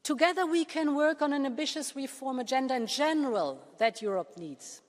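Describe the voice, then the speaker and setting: Woman, formal parliamentary speech, measured delivery, deliberate pauses for emphasis, podium mic, long hall reverb. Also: sits high, animated. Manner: measured, stresses key words with deliberate pauses. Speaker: political leader addressing a parliament. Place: large parliament chamber. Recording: long reverb of a large chamber.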